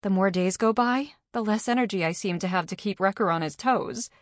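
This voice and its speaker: A brash, playful pregnant woman, voiced by a woman reading an audiobook, a little higher than the reader's own voice. She tosses off wisecracks in an offhand way. The sound is close and dry. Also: fairly quick, dry recording, close to an everyday voice. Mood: breezy.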